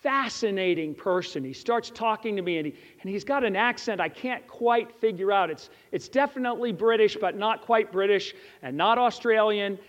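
High-voiced man preaching in an echoey chapel. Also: moderate pace, few pauses. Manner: storytelling, earnest, rhetorical questions to listeners. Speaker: chapel speaker. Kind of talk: sermon with personal story. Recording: echoey hall, slightly dull.

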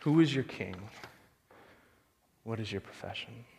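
A man preaching a sermon as a pastor, animated storytelling and rhetorical questions. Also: lowish voice, unhurried, gravelly, big-room sound.

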